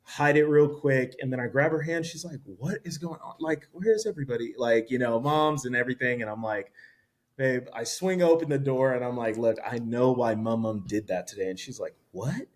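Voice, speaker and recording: Speaking in a mid-range voice at a moderate pace, this interview guest on a podcast spins an animated, relaxed story and performs the quotes of the people involved.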